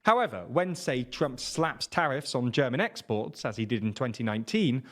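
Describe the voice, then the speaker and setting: Lively scripted male news narrator. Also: mid-range voice. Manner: measured, informative.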